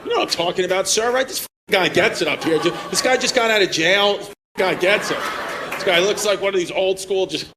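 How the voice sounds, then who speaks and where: A man's voice: high voice, fairly quick. A male stand-up comedian doing crude, laughing crowd work on a comedy club stage with a handheld mic. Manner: brash, crude, laughing teasing of audience members. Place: comedy club stage before a live audience. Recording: live club recording with crowd laughter and noise.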